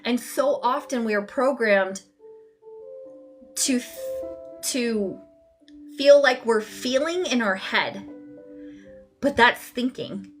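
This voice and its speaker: A woman's voice: a little high, expressive, takes it slowly, long pauses, faint music behind. A woman coaching viewers on a live stream, talking casually and bluntly, swearing freely and speaking straight to her audience. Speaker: somatic coach hosting a live session.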